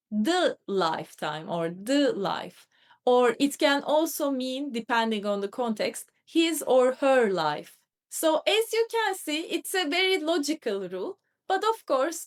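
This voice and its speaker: Slow, lively-voiced woman teaching. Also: high voice. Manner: clear, careful, spells out sounds and examples. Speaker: Turkish teacher. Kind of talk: scripted grammar lesson.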